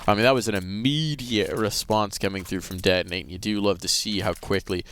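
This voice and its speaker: A man calling a live esports match with energetic play-by-play that rises with the action, speaking on a headset mic. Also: fairly low pitch, fairly quick. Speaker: esports caster. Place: live event broadcast booth.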